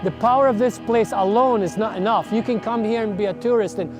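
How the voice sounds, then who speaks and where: A man in his sixties telling his story in an earnest, reflective way, slowing down to stress his words. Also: high-pitched, over music. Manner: earnest, slow, emphatic. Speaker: adventurer recounting a long walk.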